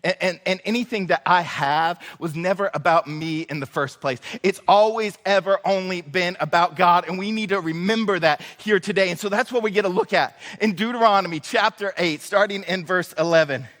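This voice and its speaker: High bright-voiced pastor in a reverberant hall. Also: male voice, fairly quick, few pauses. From Northwest Arkansas. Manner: casual, joking storyteller with many fillers. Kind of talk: sermon with storytelling. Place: church sanctuary.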